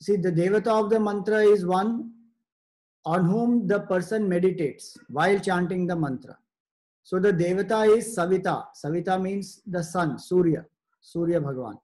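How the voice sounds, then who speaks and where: A man giving a spiritual discourse, explaining in measured, short phrases with pauses. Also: high voice, a little mellow. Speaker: spiritual teacher.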